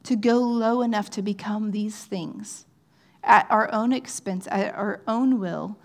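A woman giving an earnest, conversational sermon, often checking in with "right?" and sometimes dropping to a soft, near-whispered tone. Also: medium pitch, unhurried. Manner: drops to soft, near-whispered phrases at times. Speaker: pastor.

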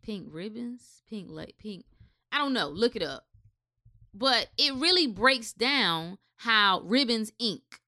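A woman's voice: a little high, expressive, slow pace, pushed and bright. A woman giving a blunt, impassioned, unscripted rant with swearing, speaking straight to her listeners.

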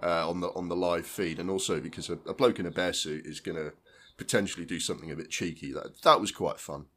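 A man's voice: deep voice, quick pace, a little hiss or hum. A man hosting a podcast, telling stories in casual film chat and acting out quotes. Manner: animated storytelling, acts out quotes. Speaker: podcast host.

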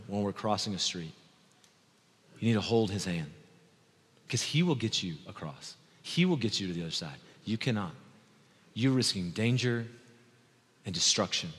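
Male pastor, 30s, fervent sermon delivery, dips quiet then climbs loud, long church reverb. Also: slightly rough. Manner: impassioned, swings from soft and slow to loud and high.

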